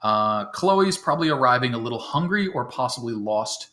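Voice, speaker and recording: A man acting as game master, explaining the setup to his players in a relaxed way, with many fillers and chuckles. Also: mid-range voice, normal speed. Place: home, talking over voice chat.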